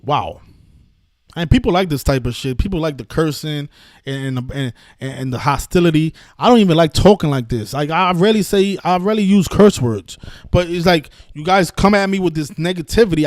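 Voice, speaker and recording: A man's voice: a little high, darkish tone, no echo, studio quality. A man hosting a live stream, ranting combatively at trolls, cursing and restarting his sentences. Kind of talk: heated live-stream rant.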